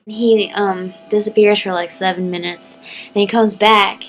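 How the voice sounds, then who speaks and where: A young woman chats to her camera at home, telling a story in a loose, giggly way full of "like" and "um". Her pitch sits in the middle, and faint music plays behind her. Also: fairly even intonation, measured pace, poor audio. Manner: chatty, giggly, lots of "like" and "um", acts out quotes in a high voice. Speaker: vlogger. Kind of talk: casual storytelling vlog.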